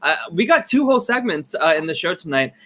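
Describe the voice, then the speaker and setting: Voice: mid-range voice, very animated, quick pace, fairly bright tone. A podcast co-host speaking steadily and steering the casual chat back on track.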